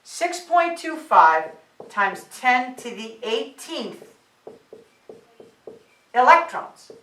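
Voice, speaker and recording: Slow-talking woman teacher in a roomy room. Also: high-pitched, sing-song, a bit bright, slight background noise. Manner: checks in with frequent "all right" and "okay"; counts out digits aloud. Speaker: physics teacher. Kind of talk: classroom lecture at a board. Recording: roomy sound, mic set at a distance.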